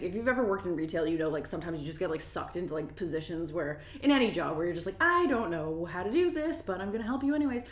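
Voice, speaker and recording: Young woman, low voice, echoey room, casual swear-heavy rant. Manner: profane, lots of "like" fillers. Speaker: mukbang vlogger. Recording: roomy echo.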